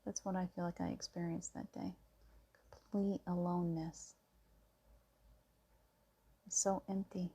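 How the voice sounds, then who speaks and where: A middle-aged woman talks to her viewers in a calm, soft-spoken way. Her voice sits a little low and sounds mellow and warm. She tells a personal story with gentle, reassuring emphasis. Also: unhurried, pauses often, slightly rough. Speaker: spiritual vlogger. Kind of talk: casual spiritual monologue.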